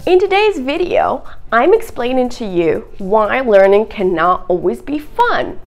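A young woman teaching English in a lively video lesson, her voice swooping high and low as she talks straight to the viewer. Her pitch sits a bit above average and she plays with emphasis. Soft music runs faintly underneath. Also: measured pace. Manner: expressive, playful, direct to camera. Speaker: English teacher and content creator.

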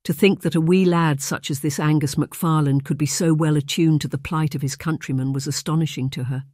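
An audiobook narrator giving an even, measured scripted narration. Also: medium pitch, dry recording, studio quality.

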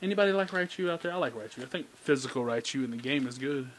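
Excitable man opening card packs. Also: medium pitch, a little fast, hardly any pauses. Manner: excitable, jokey, talks to cards. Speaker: card collecting YouTuber. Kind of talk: casual pack-opening commentary.

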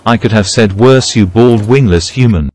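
A haughty pet bird, put on by a man in a lowish, deadpan voice, tossing out flat, cutting insults. The tone stays dry and superior, never raising its energy, as if nothing impresses it. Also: moderate pace, natural voice. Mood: snooty. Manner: dry, cutting put-downs delivered flatly. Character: snooty pet bird, male, condescending and insulting.

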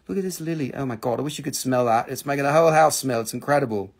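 A man hosting a live sales stream from his home, with rushed, joking sales patter. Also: medium pitch, vocal fry, slightly rough. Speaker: live-stream seller of rocks and jewelry.

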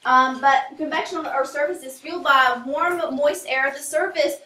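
A woman's voice: sits high, moderate pace, sharp tone. A woman teacher giving a casual classroom lecture, full of fillers and asides. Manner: casual, rambling, many fillers. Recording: echoey classroom from a distance.

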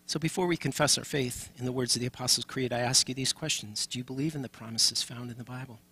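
A male pastor leads communion with a bright, forward tone and a husky edge to his voice. He speaks earnestly and turns often to the congregation, inviting them to respond. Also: mid-range voice, steady tone, fast talker. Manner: earnest, calls on the congregation directly. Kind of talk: leading a communion service.

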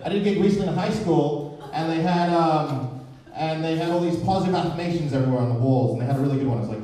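A man's voice: a little high, fast, few pauses, dark tone. A man doing a stand-up comedy set, rambling and sardonic in his observations. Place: live comedy venue, indoors. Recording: echoey live room, distant mic, crowd. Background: audience laughter.

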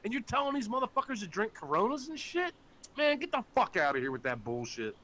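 A man with a high, bright voice rants on a live call-in show. His pitch swings widely as he swears constantly and mocks people in put-on voices. He sounds angry and scornful. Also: very animated, quick pace. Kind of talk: profane ranting chat.

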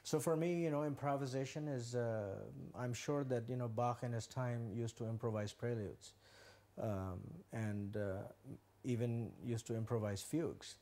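Thoughtful, mellow-voiced male guitarist. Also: medium pitch, fairly even intonation, normal speed. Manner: thoughtful, hesitant with many fillers. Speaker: guitarist and teacher. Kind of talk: interview answers. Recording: soft music in the background.

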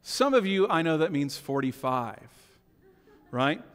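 A middle-aged man preaching a sermon as a pastor, moving between hushed, intimate lines and emphatic, raised declarations, often checking in with the congregation. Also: a little high, big pitch swings, unhurried, smooth. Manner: swings between hushed asides and emphatic raised lines, keeps asking "right?". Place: church sanctuary. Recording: long church reverb.

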